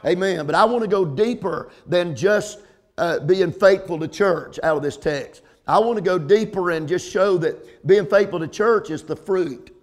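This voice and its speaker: A middle-aged male pastor with a high-pitched voice preaches a sermon, repeating words and saying "amen" often. He slows down to stress his points before climbing to loud peaks.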